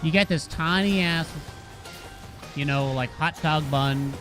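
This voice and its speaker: A man's voice: a little high, slow. Joking, swearing gamer guy. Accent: Boston. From Massachusetts. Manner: joking, rambling, swears freely. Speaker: streamer. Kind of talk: casual gameplay chat with viewers. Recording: game music playing behind.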